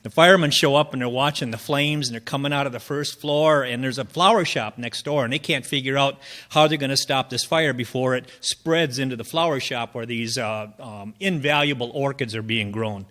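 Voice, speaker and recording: A man's voice: mid-range voice, brisk, few pauses, bright, forceful tone. A man telling jokes at an open mic in a folksy, rambling way, chuckling at his own punchlines. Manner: folksy, rambling storytelling with fillers. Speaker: open mic joke teller.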